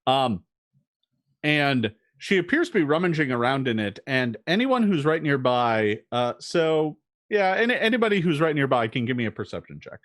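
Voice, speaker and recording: A man's voice: mid-range voice, big pitch swings, fairly bright tone, dry recording, studio quality. A man narrating a tabletop game as game master, describing scenes with frequent fillers and restarts. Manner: descriptive, halting with many fillers.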